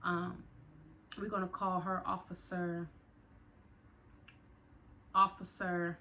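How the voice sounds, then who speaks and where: A woman's voice: fairly low pitch, level tone, slow, sharp tone, slight background noise. Emotional woman telling a storytime. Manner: emotional, conversational, addresses viewers as y'all. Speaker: vlogger. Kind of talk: storytime vlog.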